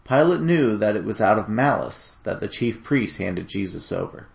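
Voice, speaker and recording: A man narrating a dramatic scripture reading in a steady, solemn storytelling manner. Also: fairly low pitch, moderate pace, vocal fry.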